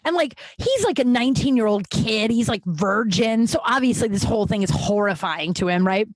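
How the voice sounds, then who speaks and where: A woman in her thirties hosting a podcast, telling stories in a rambling, animated way, jittery and over-caffeinated. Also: on the high side, brisk, no echo. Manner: rambling, animated, full of restarts and asides. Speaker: podcast host. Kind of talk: casual storytelling monologue.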